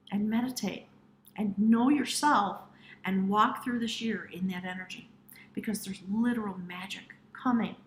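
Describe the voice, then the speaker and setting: A woman's voice: mid-range voice, roomy sound, a little hiss or hum, low-quality recording. Earnest woman giving a tarot reading. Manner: earnest, addresses the viewer directly. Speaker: tarot reader. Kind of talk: intuitive tarot reading to camera.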